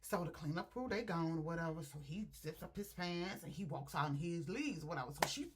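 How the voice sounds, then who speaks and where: A woman reviewing a book, retelling scenes in an animated, chatty way and talking straight to her viewers. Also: fairly low pitch, fairly quick, breathy edge. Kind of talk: casual story retelling.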